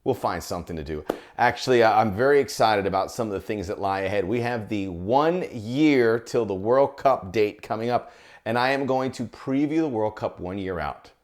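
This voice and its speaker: A man's voice: lowish voice, expressive, moderate pace. A middle-aged man, a soccer broadcaster, talking in a jokey, chatty video monologue. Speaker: soccer broadcaster and podcast host.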